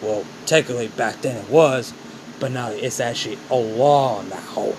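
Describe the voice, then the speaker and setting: A man doing a gruff mocking villain mentor. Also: mid-range voice, moderate pace, a little mellow, slight background noise, lightly acted, low-quality recording. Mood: scolding. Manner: mocking, scolding, calls the boy kiddo.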